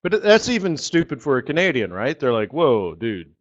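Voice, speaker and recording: A man's voice: on the high side, very animated, quick pace, lo-fi sound. A man hosting a live trading webinar, talking in a sarcastic, joking, rambling way. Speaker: forex market strategist hosting a live webinar.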